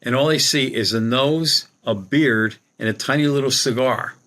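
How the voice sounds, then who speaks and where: Here a male psychic medium, appearing as a guest, casually meanders through a story about himself and repeats what people said with "she goes". His voice is mid-range and a bit bright, at a normal speed.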